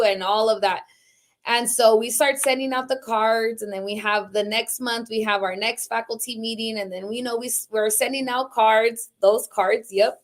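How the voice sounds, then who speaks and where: On a video call, a woman in her thirties from Socorro, Texas, who teaches high school and chairs her department, talks in a relaxed, chatty way. Her intonation is fairly even and her pace moderate, with frequent fillers such as "like" and "um".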